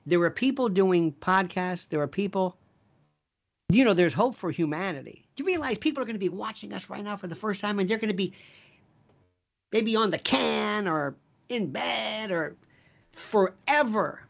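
A man's voice: high-pitched, lively intonation, moderate pace, gravelly, lo-fi sound. A middle-aged man, a former prosecutor, talking as a guest in a rambling, emphatic, jokey way that keeps drifting into side stories. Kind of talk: animated conversational storytelling.

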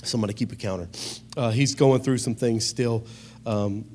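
A man's voice: mid-range voice, fairly even intonation, normal speed, darkish tone, a little hiss or hum. Joking preacher man. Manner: joking, storytelling, calls out to the congregation. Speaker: pastor. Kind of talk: humorous sermon.

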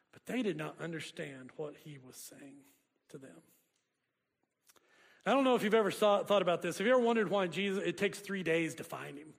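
A pastor preaches a sermon, joking and chatting conversationally with his congregation. His voice sits high and sounds animated and creaky, at a normal speed. A long hall reverb surrounds the recording.

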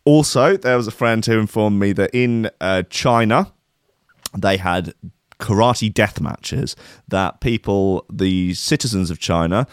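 Casting a male host: low-voiced, dry sound, sarcastic and rambling. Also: no echo. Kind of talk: comic news chat on a live stream.

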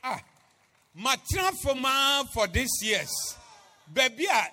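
A man preaching a sermon, swinging from hushed asides to loud, chanted, repeated declarations. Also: very high voice, sing-song, takes it slowly, long pauses.

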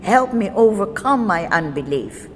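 A woman teaches scripture at an unhurried pace, reading each verse deliberately. Her voice carries a long reverb tail. A faint hiss sits under the recording. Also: medium pitch, sing-song. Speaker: Bible teacher.

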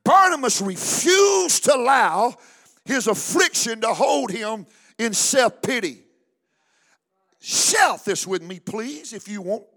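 A male pastor, preaching a fervent sermon that builds to shouts. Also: very high voice, big pitch swings, slow.

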